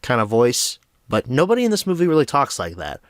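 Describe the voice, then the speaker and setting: Brief: young male film review host, chatty and animated, dry sound. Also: medium pitch, brisk, no room sound. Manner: chatty, self-deprecating, lively storytelling. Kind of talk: casual film review monologue.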